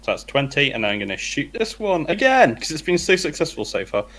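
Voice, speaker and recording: A man's voice: a little high, very animated, brisk, a crowd in the background. A man playing a tabletop game, hesitantly counting out his moves. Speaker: player.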